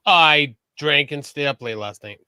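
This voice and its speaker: A man's voice: on the high side, measured pace, bright, forceful tone, clear, resonant tone, no echo, clean studio sound. A man co-hosting a casual podcast, a rambling jokester who fills his talk with "like" and "uh". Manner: rambling, filler-heavy jokester. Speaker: podcast co-host. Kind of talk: casual chat.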